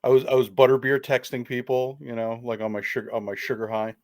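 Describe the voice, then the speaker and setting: A man's voice: medium pitch, steady tone, fast talker. A man co-hosting a live stream, chatting in a laid-back way with fillers. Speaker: co-host. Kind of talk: casual chat.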